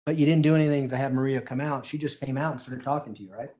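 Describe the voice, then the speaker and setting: Male prosecutor, mid-pitched voice, pressing and insistent in his cross-examination. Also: fairly even intonation, very fast, darkish tone. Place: courtroom.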